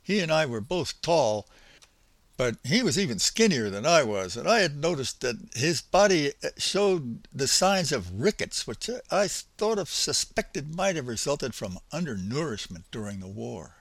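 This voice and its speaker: An older man narrating his memories in an unhurried, folksy, reflective way. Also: medium pitch, very animated, no echo. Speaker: storyteller. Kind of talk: spoken memoir narration.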